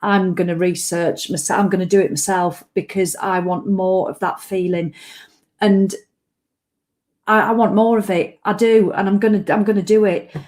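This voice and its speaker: A woman's voice: mid-range voice, fairly even intonation, moderate pace, darkish tone. Rambling, emotional woman vlogging. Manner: rambling, emotional, acts out her own anxious thoughts. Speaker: online business owner and vlogger. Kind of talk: casual reflective talk to camera.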